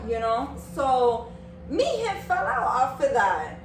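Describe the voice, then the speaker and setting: A woman co-hosting a casual podcast with her husband, outspoken and animated, telling stories and laughing often. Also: sits high, measured pace. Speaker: podcast co-host. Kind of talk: casual chat, storytelling. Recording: echoey room, distant mic, background noise.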